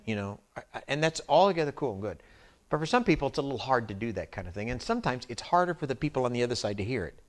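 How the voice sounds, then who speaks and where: A man's voice: medium pitch, sing-song, quick pace. A male pastor preaching a conversational sermon, calling out to the congregation to check they follow. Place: church sanctuary.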